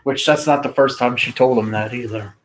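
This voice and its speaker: A man casually reading his own fiction aloud, unhurried and flat, now and then pausing to find his place. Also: medium pitch, a little hiss or hum, poor audio.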